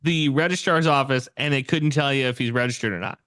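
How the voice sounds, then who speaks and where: A man's voice: medium pitch, a little fast, sharp tone, clean tone, no echo. A young man, co-hosting a sports podcast and firing back dry questions and remarks. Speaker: podcast co-host. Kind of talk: casual sports podcast chat.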